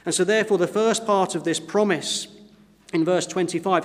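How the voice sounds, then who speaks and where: A man's voice: high voice, steady tone. Earnest preacher, man in a reverberant church. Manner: earnest preaching, slows down to quote scripture. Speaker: pastor. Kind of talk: sermon.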